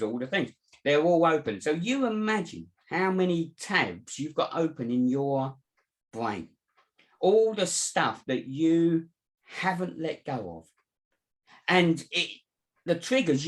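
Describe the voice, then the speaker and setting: A man, a mindset coach, giving earnest advice in a casual chat and often saying "you know". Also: on the high side. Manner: earnest, advising, many "you know" fillers.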